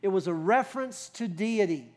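A man's voice: high voice, expressive, normal speed, darkish tone. A man preaching a sermon as pastor, talking in a conversational way with rhetorical questions and emphatic builds.

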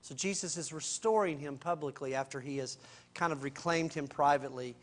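A man preaching a sermon in a conversational, slangy way, swinging between loud and hushed. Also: a little high, brisk. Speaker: pastor.

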